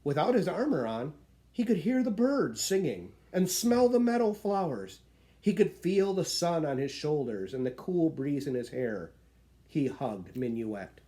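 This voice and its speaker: A man reading a children's picture book aloud in an expressive storytelling manner. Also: fairly high pitch, measured pace.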